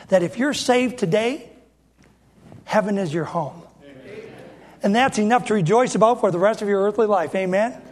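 A high-pitched man in his fifties preaching to his congregation. He speaks in a folksy, emphatic way and keeps returning to the same rhetorical question. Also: darkish tone. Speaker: pastor. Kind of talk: sermon.

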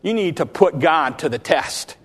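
A man's voice: fairly high pitch, animated, measured pace, husky, long reverb tail. A man preaching a sermon, earnest and repetitive, with frequent restarts and small fillers.

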